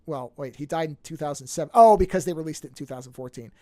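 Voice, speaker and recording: A man's voice: a little high, quick pace, a little mellow, no room sound, clean studio sound. A man co-hosting a casual film discussion, wry and enthusiastic as he talks.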